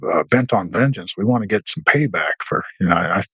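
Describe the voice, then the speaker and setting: With lively intonation and a sharp tone edged with breathiness, a middle-aged veteran guest tells war stories at a fairly quick clip. In this casual interview he rambles anecdotally, restarting often and using fillers, and performs the dialogue in a raised pitch. No echo is present, but the recording is low quality.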